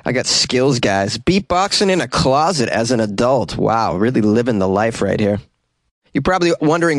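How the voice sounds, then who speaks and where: A man's voice: mid-range voice, big pitch swings, moderate pace, no room sound. Sarcastic man riffing on the news. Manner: sarcastic, rambling asides. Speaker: comedy news host. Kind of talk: comedic news commentary. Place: small closet at home. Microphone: close home mic with plosive popping.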